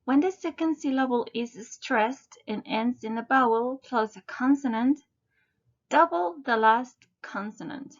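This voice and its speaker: A woman slowly and deliberately narrating a scripted English grammar lesson, spelling out word endings letter by letter. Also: a little high, highs cut off. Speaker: English teacher.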